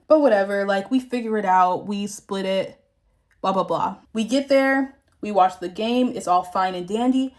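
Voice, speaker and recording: A woman's voice: mid-range voice, normal speed, a little mellow. A young woman from the Southern United States, chatting frankly and profanely while doing her makeup, telling a story about a fake friend. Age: young adult. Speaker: vlogger.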